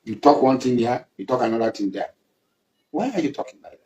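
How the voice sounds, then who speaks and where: A man's voice: medium pitch, big pitch swings, brisk, dark tone, echoey room, lo-fi sound. A Nigerian man giving an emphatic public statement, accusing and repeating himself for weight. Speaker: community leader.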